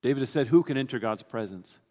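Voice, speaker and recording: A man's voice: mid-range voice, expressive, quick pace, warm tone, in a large hall. A man preaching a sermon, explaining a scripture passage in an earnest, teaching way, often restarting his sentences.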